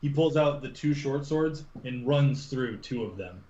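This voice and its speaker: A man narrating as game master of a tabletop game over a voice call, relaxed and casual. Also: mid-range voice, a little slow, echoey room, lo-fi sound.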